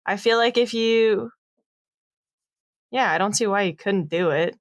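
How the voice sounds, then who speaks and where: A woman's voice: mid-range voice, measured pace. A woman guest on a podcast, giving direct, encouraging advice in casual chat.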